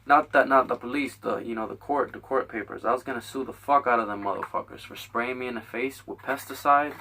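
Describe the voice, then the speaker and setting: A man's voice: medium pitch, fairly even intonation, a little fast, few pauses, pushed and bright, recorded from a distance. A young man hosting a show, telling a heated, profane story full of acted-out quotes. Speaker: podcast host.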